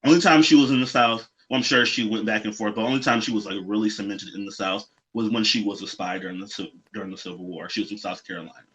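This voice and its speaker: A fast talker with hardly any pauses, this man co-hosts a drag show in a lowish, slightly bright voice. His casual chat is emphatic, peppered with little history lessons and shared laughter. The audio is dull and lo-fi.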